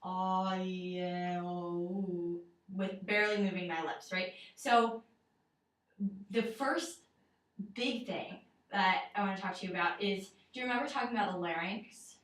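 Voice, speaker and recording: During a private singing lesson, a young woman teaching voice chats casually, filling her explanations with fillers. Her mid-range voice is a bit bright and moderately paced, and the distant mic catches a roomy echo.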